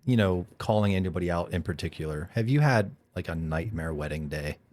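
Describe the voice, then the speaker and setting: A man's voice: sits low, a little fast, darkish tone. A man hosting a podcast interview, playful and teasing. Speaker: podcast host.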